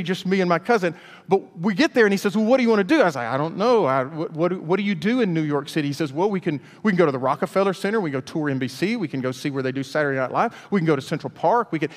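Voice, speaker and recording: A man from Alabama, preaching a storytelling sermon in a folksy, animated way. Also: on the high side. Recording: long hall reverb.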